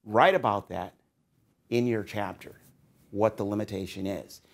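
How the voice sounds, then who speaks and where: A middle-aged man with a somewhat low voice lectures doctoral students. He talks in a loose, musing, conversational way. His stress rises and falls as he makes his points. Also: steady tone, unhurried, vocal fry. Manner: conversational, musing, rising and falling emphasis. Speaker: psychology professor.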